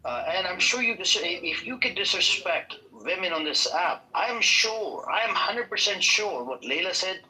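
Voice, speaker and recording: A man's voice: high-pitched, expressive, a little slow, hardly any pauses, bright, forceful tone, rough recording. A man in a heated live debate on an audio chat app, combative, profane and insulting, often stumbling and restarting.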